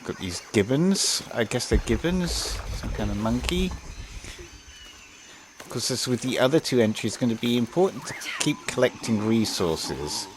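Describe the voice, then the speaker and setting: A man's voice: medium pitch, sing-song, normal speed, slight background noise. Rambling man commentating gameplay. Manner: rambling, hesitant, many fillers and restarts.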